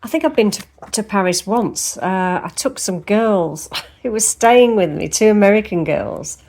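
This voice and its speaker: Speaking a little slowly in an animated, medium-pitched voice with a slightly mellow quality, this woman vlogs about lifestyle topics. Her talk is casual and rambling, aimed straight at the viewer, and it moves from her home to an outdoor park.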